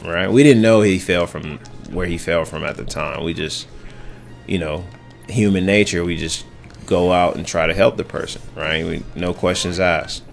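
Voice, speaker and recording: A young man hosting a podcast, telling a story in a reflective, halting way with many restarts. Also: low voice, vocal fry, faint music behind. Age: young adult. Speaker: podcast host. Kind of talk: casual storytelling monologue.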